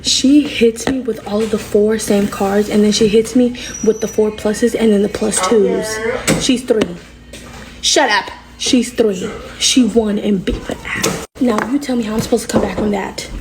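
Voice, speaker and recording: A young adult woman telling a funny family story in a casual storytime vlog, animated and dramatic, talking straight to her viewers. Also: mid-range voice, a little slow, background noise. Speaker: storyteller vlogger.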